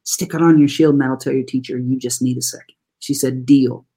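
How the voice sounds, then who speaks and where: Animated, folksy school staffer telling stories. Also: medium pitch, a little fast. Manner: animated, folksy, addresses listeners as "y'all". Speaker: school trauma-informed support staff. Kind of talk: storytelling in an interview.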